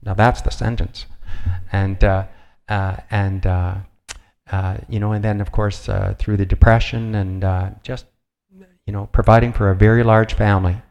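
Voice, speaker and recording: An older man giving a sermon, reading slowly and measuredly, with pauses and fillers as he tells a family story. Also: on the low side, little pitch movement, darkish tone, lo-fi sound. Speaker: preacher.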